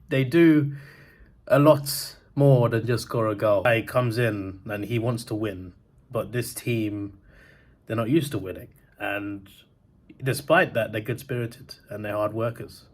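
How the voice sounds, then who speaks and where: A young man rambling casually through a movie review vlog, laughing as he talks. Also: on the low side. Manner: chatty, rambling, laughs often. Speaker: movie vlogger. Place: outdoors and in a cinema. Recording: noisy outdoor phone recording. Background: wind and traffic.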